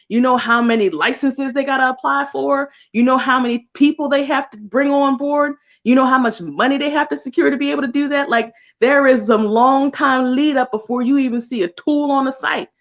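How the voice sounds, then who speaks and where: A woman energy healer in a casual spiritual vlog, animated and laughing often, swearing freely and slipping into put-on voices. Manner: slips into high put-on voices for quotes.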